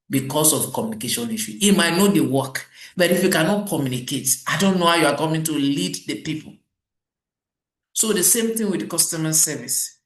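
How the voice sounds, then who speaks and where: Middle-aged man, trainer lecturing on customer service, animated, somewhat high voice, reverberant room. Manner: animated storytelling, acts out quoted exchanges.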